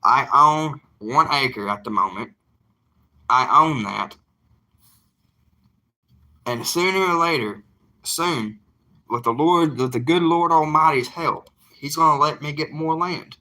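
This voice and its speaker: A man's voice: on the high side, slow, long pauses, pushed and bright. A young man with a Southern US drawl talking to his viewers in a casual vlog monologue, emphatic and folksy, repeating lines for emphasis. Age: young adult. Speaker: evangelist vlogger.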